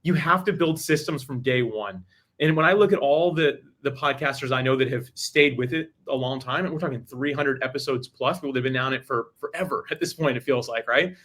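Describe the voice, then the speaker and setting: A man talking as a podcast guest, giving energetic advice in a rapid, emphatic way with frequent restarts. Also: medium pitch.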